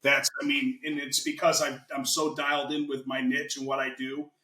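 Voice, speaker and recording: A man's voice: mid-range voice, flat delivery, normal speed, sharp tone, echoey room. An American man talking as a guest in a casual interview, chatty and salesy. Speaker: guest, financing consultant.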